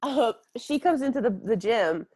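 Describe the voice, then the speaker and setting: A woman's voice: on the high side, lively intonation, normal speed, mellow, breathy edge, no room sound. A woman in casual podcast chat, playful and wry, recorded on a dry close microphone. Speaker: podcast co-host. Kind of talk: casual chat about a movie.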